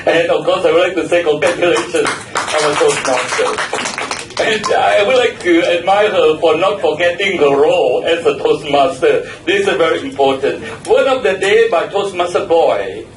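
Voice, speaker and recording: A man evaluates the speakers at a club meeting, repeating words and spelling some out. His voice sits a little high for a man. He is picked up from across an echoey room, with faint noise behind. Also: animated, normal speed. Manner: repeats and spells out words, gives warm feedback. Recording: echoey room, mic far off.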